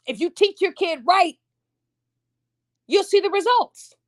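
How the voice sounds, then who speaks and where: Animated woman podcast host, higher voice. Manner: animated, talks to audience, acts out voices. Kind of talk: casual commentary.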